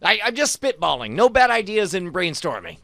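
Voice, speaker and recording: A man playing a tabletop role-playing game, stammering and bursting into shouted in-character lines. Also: high-pitched, very animated, fairly quick, creaky, no echo, clean studio sound. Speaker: player. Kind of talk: improvised tabletop role-play.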